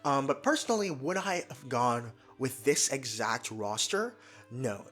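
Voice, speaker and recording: Eager young male commentator, rambling and animated, occasional stutters, faint music bed. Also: mid-range voice. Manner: energetic, fast, stumbles and restarts when excited. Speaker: YouTube commentator. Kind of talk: excited casual commentary.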